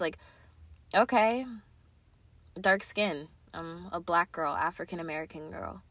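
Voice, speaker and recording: A woman's voice: lowish voice, steady tone, normal speed, pauses often, fairly bright tone, no echo. Earnest chatty young woman, dry sound. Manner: earnest, chatty, many "like" and "right?" fillers. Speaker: podcast host. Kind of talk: casual confessional chat.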